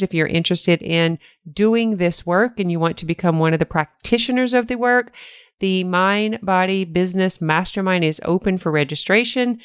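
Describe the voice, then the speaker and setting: A woman's voice: fairly low pitch, smooth, no room sound, clean studio sound. An older woman hosting a solo podcast, talking in an earnest, encouraging way with repeated motivational phrases. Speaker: podcast host.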